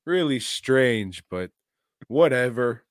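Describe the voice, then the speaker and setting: Man, podcast co-host, slow rambling delivery, profane joking, dry close sound. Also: mid-range voice, lively intonation, no echo. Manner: profane, rambling, jokey retelling. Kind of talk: casual movie-review chat.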